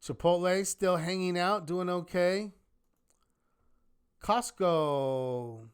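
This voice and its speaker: A man teaching a live online trading class in a lively manner, often asking rhetorical questions. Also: high-pitched, extremely slow, clean tone. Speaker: trading instructor.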